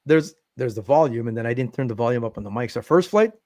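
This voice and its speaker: A man's voice: mid-range voice, lively intonation, fast talker, darkish tone, no echo. A man hosting a casual fishing podcast, rambling and laid-back, calling everyone "man". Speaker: podcast host. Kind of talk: casual chat. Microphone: desk podcast mic.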